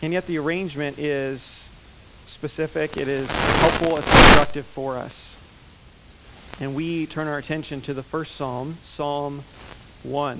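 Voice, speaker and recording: A man's voice: mid-range voice, heavy background noise. A man preaching in a conversational sermon style, reading scripture and teaching with many fillers and restarts.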